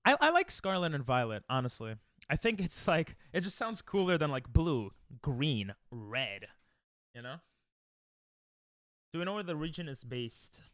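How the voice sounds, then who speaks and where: A man's voice: on the high side, big pitch swings, unhurried, a bit bright, dry recording, clean studio sound. A young man casually chatting with viewers during a livestream, rambling and self-deprecating, often restarting his sentences. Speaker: streamer. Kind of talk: casual livestream chat while speedrunning.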